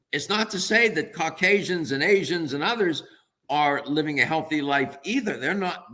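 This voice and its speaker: Brief: man, nutritionist guest, bright forceful tone, earnest and emphatic on radio. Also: fairly high pitch. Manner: earnest, emphatic, thinks aloud. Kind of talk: radio interview answer.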